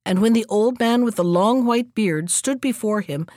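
Storybook narrator, woman, expressive reading, dry close recording. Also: fairly high pitch, normal speed, dry recording. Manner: lively, expressive.

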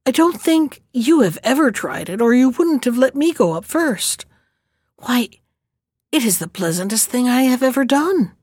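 A woman's voice: high-pitched, a little mellow, no echo, clean studio sound, pitched above the performer's own voice, full character voice. A woman voicing a cunning young male thief in a read-aloud storybook, speaking in a mocking, gleeful way.

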